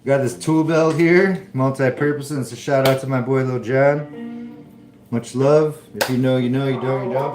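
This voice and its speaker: A man hosting a live cooking stream from his home kitchen, rambling casually to viewers as he cooks. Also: mid-range voice. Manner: laid-back, rambling, talks to viewers while cooking. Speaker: livestream host cooking. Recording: roomy sound with clear music behind. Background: blues or country music playing.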